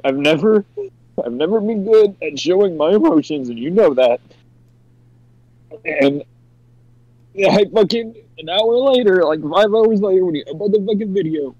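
Crying man, high shaky voice. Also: animated, warm tone, no room sound, dull audio. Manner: halting, sobbing, stammering. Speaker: streamer.

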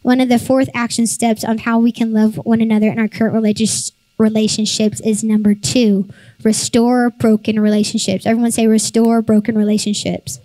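High-voiced woman pastor preaching. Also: brisk, no room sound, low-quality recording. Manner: animated storytelling, acts out family voices. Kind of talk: sermon with personal story.

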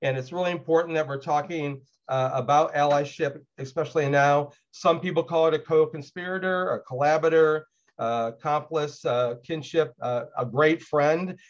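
A man's voice: on the high side, fairly even intonation, moderate pace, lo-fi sound. A man giving a lecture as an LGBTQ+ speaker, telling a personal story in a conversational way with frequent filler sounds. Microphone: video call.

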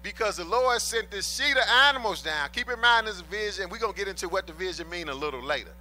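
A man's voice: high-pitched, animated, quick pace, pushed and bright, a little hiss or hum. A man preaching a sermon in an emphatic, colloquial way, repeating his key points and addressing the congregation as brothers and sisters. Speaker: pastor.

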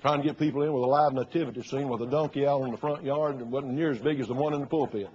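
A man's voice: mid-range voice, fairly even intonation, fast, a little hiss or hum. A male pastor preaching a sermon, telling stories and acting out the people he quotes. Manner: storytelling preacher, acting out quoted voices loudly. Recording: dull lo-fi sermon recording.

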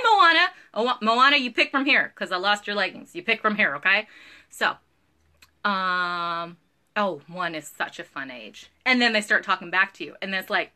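Bubbly, bright-voiced woman hosting a live sale. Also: mid-range voice. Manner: chatty, bubbly, greets viewers by name. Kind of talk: casual live-stream sales chat.

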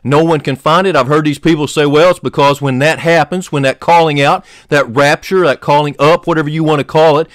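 A male pastor from the United States delivers a sermon with fervent conviction. His voice sits slightly high, swinging between loud emphatic peaks and low, soft passages. The sound is dry and close, with no room echo. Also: fairly even intonation, a little fast, few pauses. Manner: fervent preaching, rising loud on key points, dropping low and soft.

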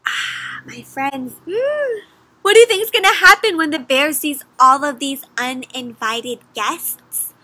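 A woman giving an interactive read-aloud for children, animated, with gasps and questions to her young listeners. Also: sits high, moderate pace, no room sound. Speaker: children's storyteller.

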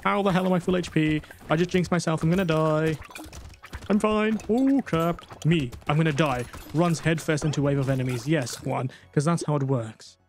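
Excitable, rambling gamer man, late-night tired. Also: a little fast, gravelly, few pauses, slight background noise. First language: not English. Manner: excitable, rambling, self-mocking, jumps to high squeaks when panicking. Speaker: gaming YouTuber. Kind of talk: casual gameplay commentary.

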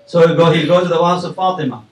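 Guy giving a sermon at a mosque, kinda high voice, lively storytelling, echoey hall, sounds far from the mic. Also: fast. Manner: animated storyteller, asks audience questions, swings loud and soft. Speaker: imam giving a lecture. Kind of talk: sermon to a community audience.

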